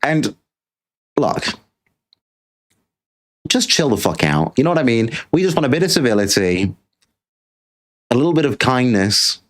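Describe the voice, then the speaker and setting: A man holds forth on his own show in a loose, ranting monologue. His voice sits at an ordinary middle pitch, and he talks bluntly, swearing often and circling back over the same words as he builds his point. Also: big pitch swings, a little slow, pauses often. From Britain. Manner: blunt, swears freely, repeats himself while ranting. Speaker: podcast host.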